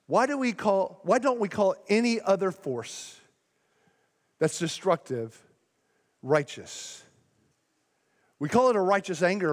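A man with a high voice preaches from the pulpit, growing loud and fired up whenever he gets passionate. His words ring out with the long reverb of a big church hall. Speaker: pastor. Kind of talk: sermon. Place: church sanctuary.

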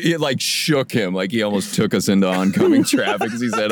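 A man's voice: lowish voice, very animated, a little fast, very noisy. A man in a casual chat, dropping dry quips and telling stories.

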